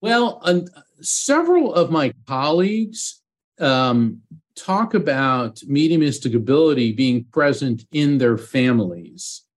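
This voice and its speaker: A middle-aged man, a guest psychic medium, telling animated stories in an interview and acting out quotes. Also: mid-range voice. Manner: animated anecdotes with acted quotes. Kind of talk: storytelling interview.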